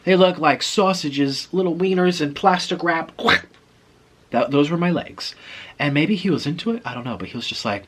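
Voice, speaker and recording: Husky man telling a story. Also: on the high side, normal speed. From South America. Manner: animated, chatty, self-deprecating. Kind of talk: casual storytelling.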